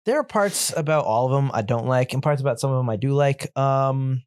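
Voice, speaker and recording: A man's voice: medium pitch, a little fast, darkish tone, clear, resonant tone, no room sound, studio quality. A man co-hosting a podcast, chatting casually about a film in a rambling, easygoing way with self-deprecating humor. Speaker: podcast co-host. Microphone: studio mic.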